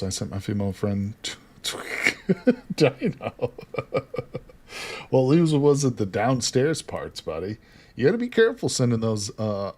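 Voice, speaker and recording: A man's voice: lowish voice, a little mellow. An American man live-streaming a game, chatting casually with viewers and teasing them, cursing now and then. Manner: joking, teasing, swears casually.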